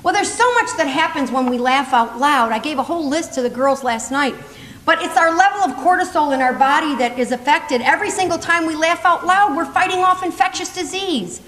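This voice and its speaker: An older woman giving a humorous, animated motivational talk, often laughing as she tells her stories. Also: high-pitched, fairly quick. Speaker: motivational speaker. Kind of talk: humorous storytelling speech. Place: conference hall. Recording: echoey hall with faint room noise.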